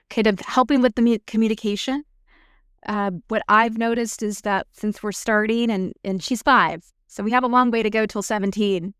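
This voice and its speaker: A woman's voice: mid-range voice, clean tone, no echo, studio quality. A woman nurse practitioner and mother of a young child explaining her views in a thoughtful, supportive way during a casual podcast conversation.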